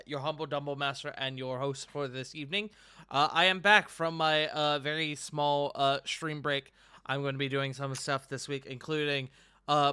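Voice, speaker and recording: A man's voice: on the high side, pushed and bright, clean tone, dry recording, clean studio sound. A man hosting and running a tabletop game, giving joking, upbeat sign-offs at the end of a stream. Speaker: game master and host. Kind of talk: casual stream outro.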